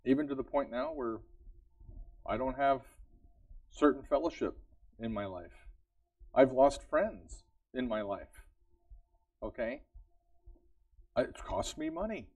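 A man's voice: medium pitch, animated, slow, long pauses, a little mellow, no room sound. Earnest male preacher, slightly distant mic. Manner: earnest, conversational, asks the congregation repeated questions; laughs lightly between points. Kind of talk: sermon. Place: church service.

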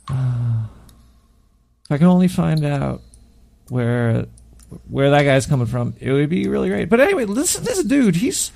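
A man's voice: a little high, sing-song, unhurried, gravelly, pauses often, dark tone. A man hosting a call-in radio show, rambling through a profane, stammering monologue full of paranoid asides.

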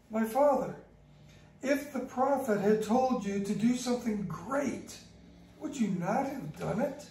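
A woman reads scripture in a slow, deliberate liturgical cadence. Her voice is mellow and unhurried. The sound comes from far off in an echoey church. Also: a little high. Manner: slow, measured reading. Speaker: scripture reader. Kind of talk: liturgical Bible reading.

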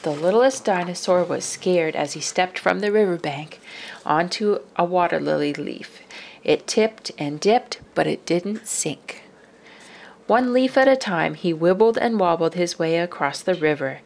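A woman reading a children's picture book aloud, expressive and dropping to whispers for suspense. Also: on the low side, measured pace, vocal fry. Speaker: storyteller.

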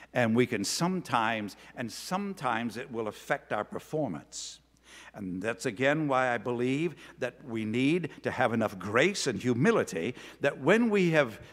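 A man preaching a sermon, telling a story in an animated, earnest way. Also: medium pitch. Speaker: pastor. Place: church sanctuary. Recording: long church reverb.

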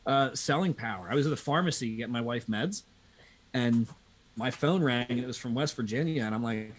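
A man from Pennsylvania, a business coach and guest in a casual chat, who tells animated stories and acts out the people in them. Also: mid-range voice, brisk, a little hiss or hum. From Pennsylvania, USA.

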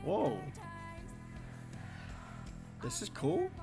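A man's voice: sits high, huge pitch swings, extremely slow, gravelly, warm tone, soft background music. A man chatting casually as he reacts to a concert video, wondering aloud and easily impressed.

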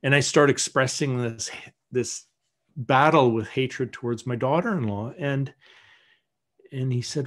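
A man teaching in a church, telling a personal story in a candid sermon style, with some lines dropped to soft murmured prayer. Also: medium pitch, measured pace. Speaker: guest teacher.

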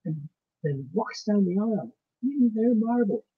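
A man's voice: sits high, expressive, a little slow, slightly rough, narrow, tinny audio, voice pushed up, heavily acted. A man voicing a placid, stubborn old peasant housekeeper woman with rustic grammar, reading a ghost story aloud. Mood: ominous.

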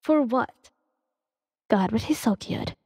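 A woman's voice: on the high side, expressive, slow, darkish tone, husky, no room sound, clean studio sound, long reverb tail. A woman reading fan fiction aloud in a casual, slangy way with playful cursing.

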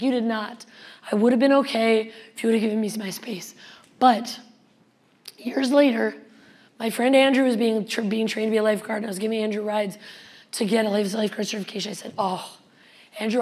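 A young adult woman speaking at a conference, telling a lively personal story and acting out the voices of the people in it. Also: mid-range voice, breathy edge. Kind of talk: storytelling keynote talk.

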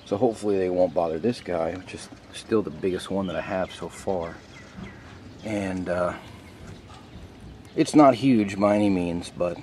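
Low-voiced male home gardener, casual rambling vlog, curses offhand, outdoors with noise behind. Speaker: home gardener showing his plants. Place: outdoors by a garden in front of a house.

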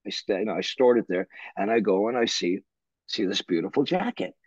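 An older man from Canada telling a rambling story in a husky, breathy voice. He is animated, with restarts and the odd curse. The recording is dry and dull. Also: on the low side, fairly quick, no room sound. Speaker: interview guest, musician. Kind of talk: anecdotal storytelling.

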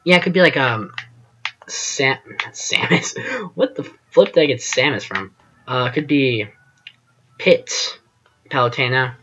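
Bright-voiced man rambling over gameplay. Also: mid-range voice, measured pace, highs cut off, a little hiss or hum. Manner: rambling, chatty, self-deprecating, trails off with fillers. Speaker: gaming channel host. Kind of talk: casual gameplay commentary.

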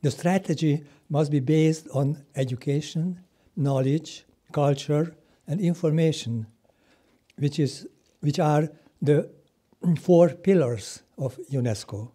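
Older man, formal opening speech, measured reading pace, very dark timbre, husky. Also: fairly high pitch. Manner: measured, read-from-notes delivery with brief self-corrections. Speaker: president of the national UNESCO commission, giving a welcome speech.

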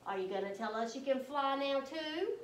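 A woman's voice: sits high, lively intonation, moderate pace, slight background noise. A woman reading aloud as a fussy male mouse who complains about everything. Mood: complaining. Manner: indignant, complaining. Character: fussy male mouse narrator, easily upset. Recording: echoey room from a distance.

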